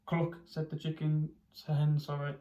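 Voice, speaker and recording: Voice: medium pitch, muffled recording, faint music behind. Teacher reading a storybook aloud. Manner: pauses to ask young listeners questions; reads with expressive character voices and animal noises. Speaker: primary school teacher. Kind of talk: reading a picture book aloud to children.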